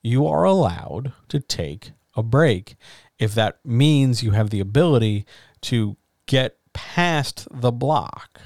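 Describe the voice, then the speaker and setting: A man's voice: medium pitch, lively intonation, takes it slowly, a little mellow, no room sound, clean studio sound. A man hosting a writers' chat, giving earnest, frank and encouraging advice in a casual way, now and then swearing. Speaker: podcast host.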